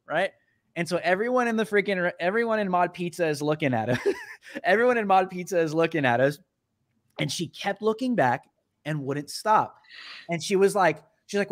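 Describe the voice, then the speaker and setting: Animated, high-voiced male storyteller. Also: fairly quick. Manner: animated, acts out quoted people, laughs often. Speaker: podcast host. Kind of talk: casual storytelling chat.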